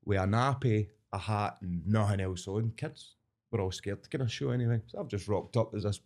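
Scottish man, lively storyteller. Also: fairly low pitch, fairly quick. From Scotland. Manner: lively storyteller, acts out voices, laughs often. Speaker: podcast guest, entertainer. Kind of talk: casual chat, storytelling.

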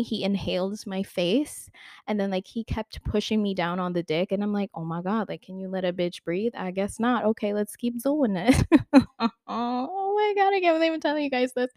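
A woman's voice: mid-range voice, darkish tone, dry recording, clean studio sound. A young woman talking frankly to the camera in a casual question-and-answer vlog, full of "like" and little laughs. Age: young adult. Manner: chatty, filler-heavy with "like", giggly, frank. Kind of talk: candid casual Q&A monologue.

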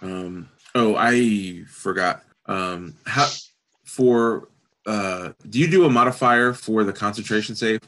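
A man's voice: lowish voice, slow, fairly bright tone. Hesitant man asking rules questions. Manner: hesitant, asks rule questions with many ums. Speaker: player. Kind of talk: tabletop game play.

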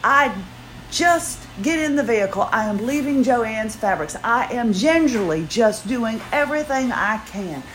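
Her voice a little high and fairly bright, this podcast host speaks animatedly yet a bit slowly. Tired and careful in her movements at home among the chores, she delivers a rambling personal monologue that pokes fun at herself, and a slight hiss or hum runs underneath.

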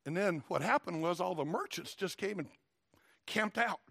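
Southern preacher, folksy and emphatic, bright gravelly voice, dry close sound. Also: male voice, lively intonation, moderate pace, dry recording. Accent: Southern US, Tennessee. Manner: folksy, emphatic, swings from low asides to shouts. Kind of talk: sermon.

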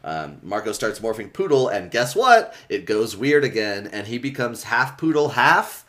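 Low-voiced man recapping a book, rambling. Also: sing-song, normal speed, a bit bright. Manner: loose, rambling, many fillers, swears freely. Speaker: podcast host recapping a book. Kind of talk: casual chat.

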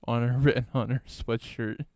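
A young man co-hosting a podcast, speaking haltingly as he searches for words. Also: mid-range voice, level tone, darkish tone, no room sound, clean studio sound. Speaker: podcast co-host. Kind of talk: casual group chat reacting to a video.

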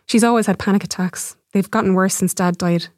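A woman voicing a blunt, gently mocking young woman in a short story. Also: medium pitch, steady tone, brisk, no echo, clean studio sound, lightly acted. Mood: plain.

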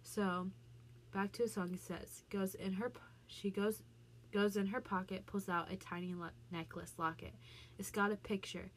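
A woman's voice: medium pitch, steady tone, normal speed, a little hiss or hum. A woman talking casually as a vlogger, explaining the meaning of song lyrics with many fillers and restarts. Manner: chatty, frequent "like" fillers and restarts.

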